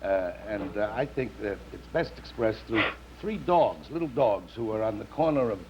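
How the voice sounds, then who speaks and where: A man's voice: fairly low pitch, moderate pace. A man telling jokes at a round table of comedians, acting out the voices in his stories, on a dull old TV recording. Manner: animated storyteller doing voices. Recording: dull old TV audio with faint noise.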